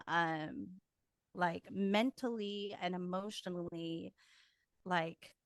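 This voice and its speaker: Woman podcast guest, frank and emotional, unhurried delivery, dry close sound. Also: medium pitch, a bit bright, no echo. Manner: frank, emotional, swears casually. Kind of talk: candid personal storytelling.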